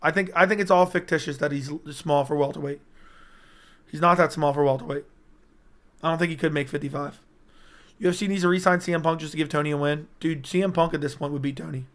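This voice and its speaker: A hoarse man hosting a livestream in casual commentary, answering chat with blunt, profane banter. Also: a little high, fairly even intonation, fast, dry recording. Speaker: livestream host.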